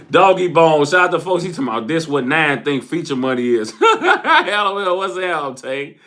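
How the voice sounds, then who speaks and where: Animated young man telling stories. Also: on the high side, normal speed. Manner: animated, profane street slang, laughs often and acts out quotes. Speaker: storyteller. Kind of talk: casual storytime vlog.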